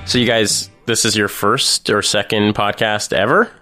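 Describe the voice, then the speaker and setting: Guy hosting a podcast, lowish voice, dry close mic, rambly and easygoing. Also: fairly even intonation, sharp tone, no room sound, faint music behind. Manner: loose, rambling, quick to laugh. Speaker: podcast host. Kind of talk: casual interview chat.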